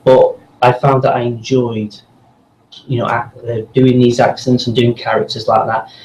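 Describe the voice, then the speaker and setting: A man guest on an interview show, recounting his path in a casual, rambling way full of ums and restarts. His voice sits in an echoey room with a faint hum underneath. The delivery is conversational and unhurried. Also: medium pitch, level tone, a little mellow. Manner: rambling, many fillers and restarts. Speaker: voice actor guest. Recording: roomy echo with faint background hum.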